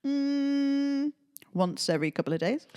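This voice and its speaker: Host: woman with a Northumbrian accent, playful and chatty, voice higher than average. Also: expressive, unhurried, darkish tone. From Northumberland, England. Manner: chatty, playful, restarts often. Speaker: podcast host. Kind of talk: casual comedic chat.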